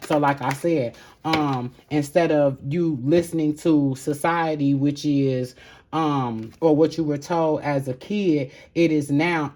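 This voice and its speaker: Speaking low, a little slowly, with mellow and fairly even intonation, this tarot reader addresses her viewers directly. Her casual, spiritual reading to camera is warm and encouraging, though she rambles and uses fillers.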